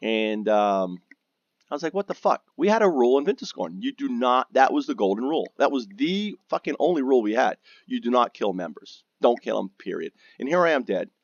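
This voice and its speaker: A man's voice: mid-range voice, expressive, moderate pace, no echo. A man telling a long story about his own game in a casual, rambling way, swearing often and restarting his sentences. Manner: profane, rambling, with frequent restarts and fillers. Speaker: gamer recounting guild drama. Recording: dry, dull lo-fi mic.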